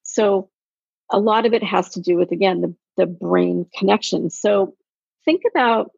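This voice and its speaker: A woman coaching in casual podcast chat, telling animated stories and acting out quotes. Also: medium pitch, a little slow, vocal fry, husky, dry recording. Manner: animated storyteller, acts out quotes. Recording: dull, dry lo-fi sound.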